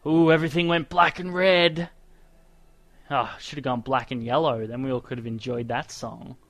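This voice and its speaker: A man's voice: medium pitch, fairly even intonation, normal speed, fairly bright tone, dry recording. A man giving casual, sarcastic let's-play commentary as he plays, ranting and exclaiming at the game. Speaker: gaming commentator and podcaster.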